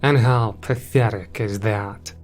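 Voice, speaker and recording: A man voicing a cruel, contemptuous winged male creature in a horror story, taunting in a slow drawl. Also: fairly low pitch, fairly even intonation. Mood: menacing. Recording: music in the background.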